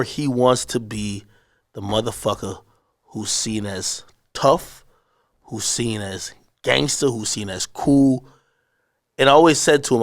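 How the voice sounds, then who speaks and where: A man telling a story in a casual interview, cursing freely and acting out shouted lines from the people in it. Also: mid-range voice. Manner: animated storyteller, acts out shouted quotes; profane, slangy. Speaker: interview guest.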